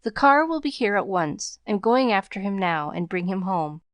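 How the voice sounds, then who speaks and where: A woman's voice: mid-range voice, animated, normal speed, dry recording, natural voice. A woman doing a cool, proud lady. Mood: reserved. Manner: clipped, abstracted. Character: wealthy proud middle-aged woman, cool and reserved.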